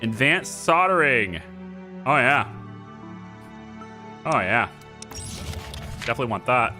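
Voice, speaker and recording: A man's voice: medium pitch, sing-song, slow pace, sharp tone. A man streaming a game, chatting and joking as he thinks aloud through his moves. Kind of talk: casual let's-play commentary. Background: game music.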